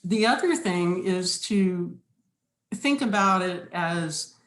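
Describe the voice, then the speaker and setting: A woman giving a slide presentation, speaking in a measured, instructive way with deliberate pauses. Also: lowish voice, lively intonation. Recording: roomy echo.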